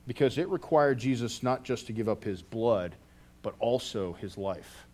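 A man's voice: lowish voice, unhurried, darkish tone. A man preaching a sermon as a pastor, telling a story earnestly and often restarting his phrases.

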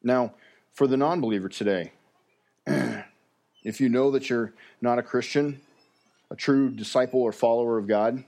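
A man's voice: medium pitch, a little mellow. Guy preaching a sermon, earnest, stumbles and repeats words a lot.

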